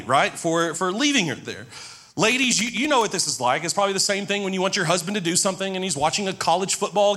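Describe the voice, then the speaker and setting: A man in his forties preaching as a pastor, telling personal stories in a conversational way and praying in a low, soft voice. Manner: conversational storytelling, drops low and soft in prayer. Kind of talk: sermon with prayer and personal stories.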